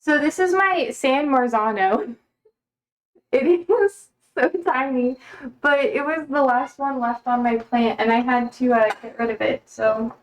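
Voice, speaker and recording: High-voiced chatty American woman streamer. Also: unhurried, poor audio. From United States. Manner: chatty, reads chat aloud and answers. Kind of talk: casual live-stream chat while cooking. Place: home kitchen.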